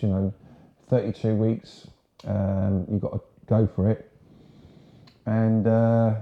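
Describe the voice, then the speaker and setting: A man in his sixties from Sussex, England, a former marine telling his story in a casual, frank, rambling way. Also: fairly low pitch. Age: 60s. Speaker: guest, ex-marine. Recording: roomy, dull lo-fi sound.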